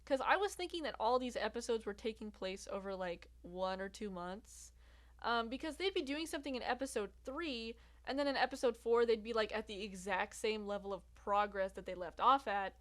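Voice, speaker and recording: A woman's voice: fairly high pitch, normal speed. A young woman reviewing a TV series in casual chat, laughing often and talking in loose asides full of fillers. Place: outdoors in bright sunlight.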